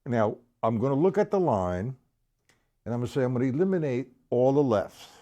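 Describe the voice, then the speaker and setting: A man's voice: mid-range voice, lively intonation, brisk. A man teaching a live-streamed drum lesson, explaining accents and counting beats aloud as he plays. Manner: counts beats aloud, loud over his drumming. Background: snare drum playing.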